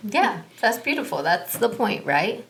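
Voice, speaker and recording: A woman's voice: mid-range voice, very animated, unhurried, vocal fry. Playful teasing woman asking questions. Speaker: guest interviewer. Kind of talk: casual chat.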